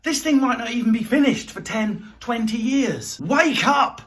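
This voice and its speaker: A man from southeast England with a southeast English accent, delivering a sweary comic rant that peaks in shouting. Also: high voice. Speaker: comedian.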